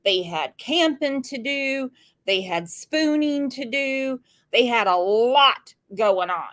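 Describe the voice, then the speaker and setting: Woman, true crime host, casual commentary, mocking asides, slow pace. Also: sits high, expressive, a bit bright.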